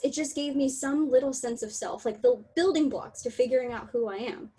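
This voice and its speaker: Young woman, husky mellow voice, candid and emotional, video call talk. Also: sits high, animated, normal speed, poor audio. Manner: candid, emotional, laughs often, apologetic asides. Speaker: talk presenter. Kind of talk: online workshop talk.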